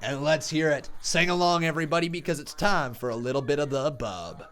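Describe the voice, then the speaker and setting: A man hosts a casual live reaction stream, chatting with viewers and erupting into excited play-by-play shouts. A sore tongue slightly changes his speech, and his voice is fairly high-pitched and fairly quick.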